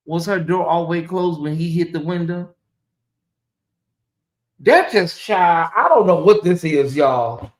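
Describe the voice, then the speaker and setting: A man hosting a casual live-stream commentary, chatty and animated, often calling out to viewers. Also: fairly high pitch, unhurried, long pauses. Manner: animated, chatty, laughs and addresses viewers as y'all. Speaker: commentary channel host.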